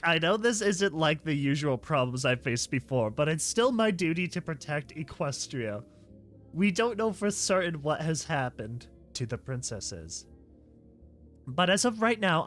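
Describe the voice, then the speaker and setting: A man's voice: on the high side, big pitch swings, measured pace, a bit bright, soft background music. Man doing an earnest young pony princess. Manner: earnest, taking charge.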